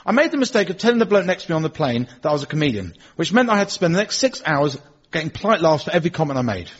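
An English man performing a scripted stand-up monologue with dry, deadpan storytelling on a radio comedy show. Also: on the high side, rapid-fire, slight background noise. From England. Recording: dull lo-fi radio recording.

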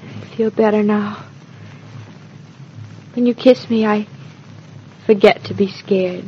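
An actress in 1940s radio acting, playing an earnest, affectionate young newlywed wife with a breathless, wide-eyed manner. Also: female voice, mid-range voice, steady tone, takes it slowly, slight background noise, close to an everyday voice. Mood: tender. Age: young adult. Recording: dull old radio transcription.

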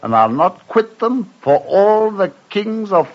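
An actor playing a witty, carefree English gentleman traveler who also narrates, in a theatrical 1950s radio drama. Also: high-pitched, very animated, takes it slowly, heavily acted. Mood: jaunty. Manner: theatrical, jaunty, elegant. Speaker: lead and narrator. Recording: muffled old radio broadcast.

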